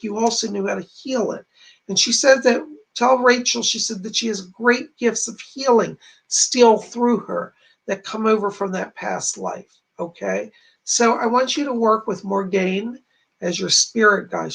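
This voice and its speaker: Chatty male psychic with a gravelly voice. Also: high voice, a bit bright, rough recording. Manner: chatty, earnest, reassuring; retells messages with repeated "she said". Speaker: psychic medium. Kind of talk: livestream readings for viewers. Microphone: streaming from home to camera.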